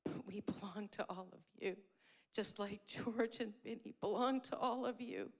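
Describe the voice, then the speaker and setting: Speaking at normal speed in a mid-range voice with vocal fry, a woman gives an emotional memorial tribute. She is frank and heartfelt, and swears freely.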